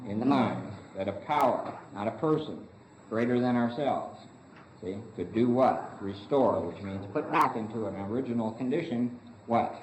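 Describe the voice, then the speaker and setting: In a meeting room, a man leads a Big Book recovery study as a lecture, asking the group question after question, answering them himself and repeatedly saying "see." His mid-range voice is darkish at normal speed. The echoey recording has its highs cut off and a little hiss or hum.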